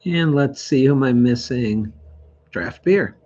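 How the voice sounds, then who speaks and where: A man's voice: medium pitch, animated, unhurried, warm tone, dull audio. A middle-aged man hosting an online trivia night, reading questions and answers with dry teasing humor. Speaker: trivia host. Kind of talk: reading quiz questions and answers, joking banter.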